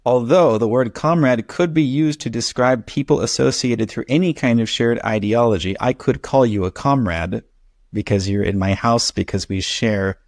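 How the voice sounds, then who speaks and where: A man's voice: mid-range voice, moderate pace, no echo. A man teaching English one-on-one at home, explaining patiently with a dry, teasing humor. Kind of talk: one-on-one conversation lesson.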